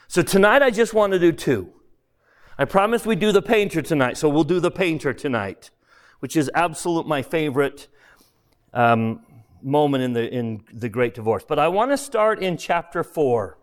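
A man's voice: on the high side, animated, moderate pace. A man preaching in a chapel, earnest and conversational, encouraging listeners to read a book. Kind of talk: sermon with book reading.

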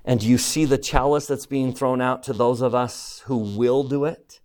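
A man leads a classroom scripture lesson at a mid-range pitch. He talks with emphasis and puts questions to his listeners. He moves between reading verses and explaining them. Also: fairly even intonation, normal speed, darkish tone, clean tone. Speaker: scripture teacher.

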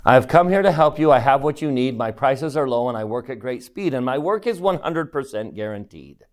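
A man voicing a sly, smooth-talking male traveling salesman in a storybook reading, with a clear, keen voice and salesman's patter. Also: medium pitch, lively intonation, a little fast, lightly acted. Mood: pitching.

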